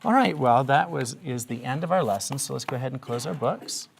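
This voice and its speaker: A male teacher leading a reading lesson, speaking at an ordinary pitch with a gravelly edge. He asks patient, encouraging questions in a classroom, with a faint hiss in the recording. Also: lively intonation, fairly quick.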